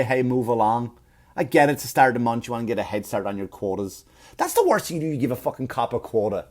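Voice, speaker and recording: A man's voice: mid-range voice, a little mellow. A man, hosting a comedy podcast and telling a story as a rant, full of swearing and acted-out quotes. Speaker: podcast host.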